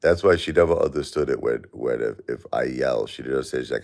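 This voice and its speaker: Aggrieved man, extremely deep and gravelly. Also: expressive, brisk, darkish tone. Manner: aggrieved, plaintive, repetitive. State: grieving. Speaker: livestream host. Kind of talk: live-stream monologue reading chat.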